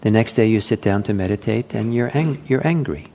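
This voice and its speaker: Soft-spoken man giving a dharma talk. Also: on the low side. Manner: gentle, unhurried, with frequent fillers and restarts. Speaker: meditation teacher.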